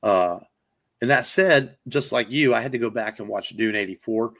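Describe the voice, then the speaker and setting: A man's voice: medium pitch, moderate pace, fairly bright tone. A man on a podcast chatting casually about films, enthusiastic and rambling, with lots of fillers and the odd swear word. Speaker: podcast co-host. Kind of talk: casual movie review chat.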